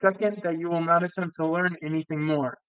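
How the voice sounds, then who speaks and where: Cast: grave, terse middle-aged fugitive, read by a man, smooth clear voice, lo-fi. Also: on the high side, fairly even intonation, a little fast, fairly bright tone, no echo, lightly acted. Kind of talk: audiobook reading.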